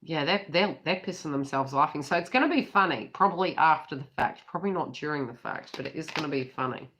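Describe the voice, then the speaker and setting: A woman's voice: low voice, lively intonation, fast, fairly bright tone. Chatty Australian woman tarot reader. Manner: chatty, giggly, swears freely. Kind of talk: casual tarot reading. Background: birds calling.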